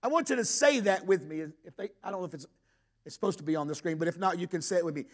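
A man's voice: sits high, racing. A middle-aged man, a pastor, preaching a sermon in a church, asking the congregation questions and pleading with rising intensity. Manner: impassioned, voicing the father's plea with rising intensity. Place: church sanctuary.

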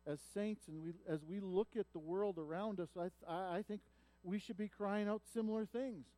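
High-voiced guy preaching, earnest, gets loud and pleading on the quotes, dry sound. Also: steady tone, normal speed, no echo. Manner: earnest preaching that swells when voicing a prophet's cries. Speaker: pastor. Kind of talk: sermon.

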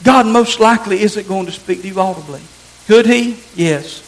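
A man's voice: high voice, normal speed, slight background noise, low-quality recording. A man preaching a sermon as pastor, earnest and emphatic, driving his points home through repetition.

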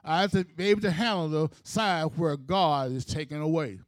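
Male preacher, high voice, emphatic storytelling sermon, dry close sound. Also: moderate pace, no echo. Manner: storytelling, emphatic, rhythmic phrasing.

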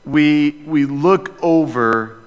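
A man preaching in a church, joking with his congregation and stumbling over repeated words. His voice sits slightly high and he talks slowly and deliberately. A long hall reverb trails behind him. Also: clear, resonant tone, highs cut off. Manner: lively, conversational preaching with humor; repeats words and restarts often. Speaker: pastor. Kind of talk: sermon. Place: church sanctuary.

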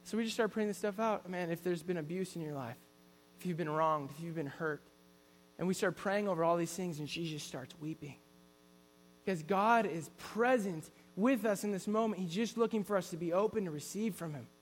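A man's voice: high-pitched, brisk, big-room sound. A man preaching a sermon in an earnest storytelling way, often restarting his sentences.

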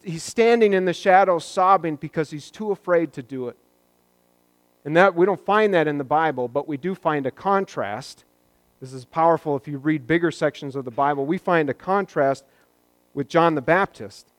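Man, pastor, sermon, conversational, joking asides, slightly high voice, dry close sound. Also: moderate pace, no echo.

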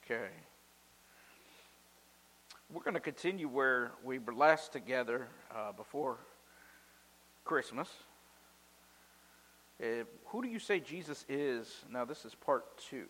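A man preaching a sermon as pastor, telling a story with lively, loudly acted quotes. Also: medium pitch, slow, pauses often, long reverb tail, poor audio.

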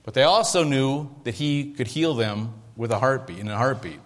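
Pastor preaching in a reverberant hall. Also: male voice, mid-range voice, normal speed. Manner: conversational, checks in with the audience. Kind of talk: sermon.

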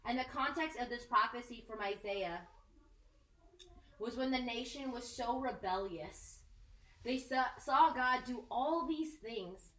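A woman giving a casual, animated sermon, joking and acting out the people she quotes. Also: a little high, unhurried. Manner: animated, jokey, acts out quoted voices. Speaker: preacher. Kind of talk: conversational sermon. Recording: echoey room, mic at a distance.

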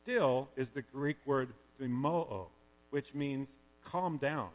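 A man preaching a sermon in a chatty, joking way that drops now and then to quiet, earnest passages. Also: medium pitch, takes it slowly. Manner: conversational and joking, with sudden quiet stretches. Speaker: pastor. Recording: long hall reverb with faint hum.

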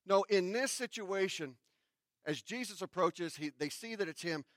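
A man pastor who reads scripture and then preaches in a conversational sermon, with restarts and dramatic pauses. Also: high-pitched, expressive, a bit bright, dry recording, studio quality.

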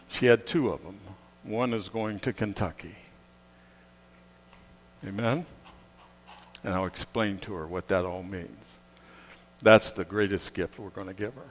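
A man's voice: on the low side, moderate pace, long pauses. A male pastor preaching a Christmas-season sermon in a conversational way, often asking the congregation to agree, then leading a prayer. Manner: conversational, keeps asking the room "Amen?".

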